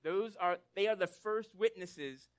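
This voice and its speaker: A man preaches in an easygoing, conversational style, his voice sitting noticeably high for a man. He leans into storytelling, checking in with his listeners and briefly acting out the people in the story. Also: unhurried. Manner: conversational, tag questions like "right?"; animated storytelling with acted quotes. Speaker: pastor. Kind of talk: sermon.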